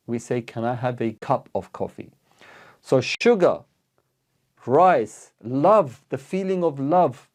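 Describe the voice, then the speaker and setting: A man's voice: mid-range voice, expressive, slow, darkish tone. A man teaching an online English grammar lesson, patiently repeating each example aloud.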